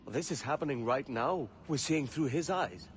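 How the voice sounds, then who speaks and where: A man's voice: medium pitch, lively intonation, normal speed, slight background noise, natural voice. A man voicing a brash pirate captain, blunt and incredulous. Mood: astonished.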